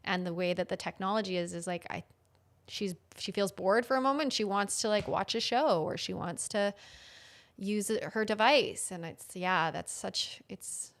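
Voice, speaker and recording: A woman hosting a casual conversation, talking in a reflective, halting way with many fillers. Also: medium pitch. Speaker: host.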